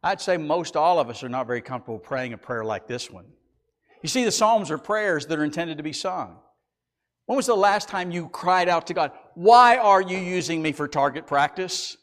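A middle-aged male pastor preaching a sermon and reading scripture aloud, swinging between loud emphatic lines and quiet low passages. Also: expressive, a little fast.

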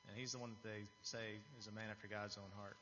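A man's voice: fairly low pitch, little pitch movement, fast talker, pushed and bright, slight background noise. A man giving an earnest, confessional testimony to a church audience, often restarting his phrases. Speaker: lay speaker giving a testimony. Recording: dull, reverberant hall recording.

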